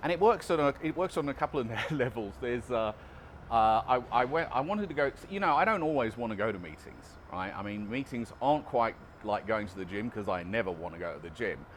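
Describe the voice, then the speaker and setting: A man's voice: mid-range voice, animated, fairly quick, slight background noise. A man vlogging casually outdoors about recovery, chatty and self-deprecating, often restarting his sentences. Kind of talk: casual vlog monologue.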